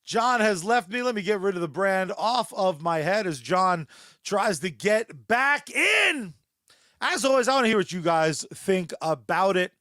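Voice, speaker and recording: A man with a high voice co-hosts a casual comic book podcast. He jokes around and rattles off sponsor plugs. The sound is dry and close, with no room around it. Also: animated, bright, forceful tone, no room sound. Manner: joking, fast sponsor plugs. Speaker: podcast co-host.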